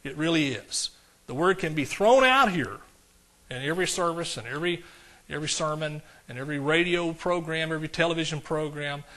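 A man preaching a sermon to a congregation, swinging between loud declarations and quiet asides and asking the crowd questions. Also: on the high side, brisk. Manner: talks directly to the congregation, asks questions. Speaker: pastor.

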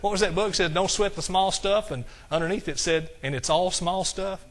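A man preaching a sermon in a folksy way, slowing down to quote scripture in a measured cadence and chuckling at his own jokes. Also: high voice, steady tone.

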